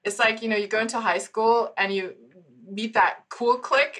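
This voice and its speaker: A woman's voice: mid-range voice, moderate pace. A woman in her forties, a psychologist and founder from Germany, chatting as a podcast guest and laughing often as she tells stories. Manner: laughs often, animated storyteller. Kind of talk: casual interview chat.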